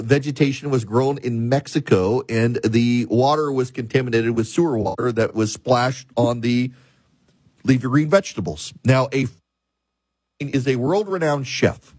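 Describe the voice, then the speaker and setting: A man's voice: mid-range voice, darkish tone, breathy edge, dry recording. A man hosting a talk show monologue, telling stories and explaining things in an emphatic way.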